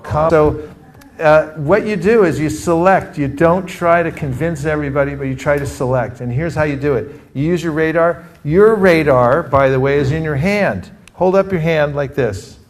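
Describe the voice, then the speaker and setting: A man from California runs a lively workshop session, prompting his listeners to repeat and respond. His voice sits a little higher than most men's. He keeps the energy up throughout. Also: normal speed, hardly any pauses. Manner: energetic, calls for audience responses. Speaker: teacher leading a training session. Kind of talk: interactive workshop talk. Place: room with a live group.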